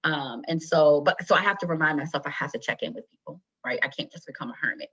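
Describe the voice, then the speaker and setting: A woman's voice: low voice, fast, a bit bright, slightly rough, lo-fi sound. A woman teacher leading an online wellness workshop, speaking casually and reassuringly with many fillers. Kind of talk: online presentation.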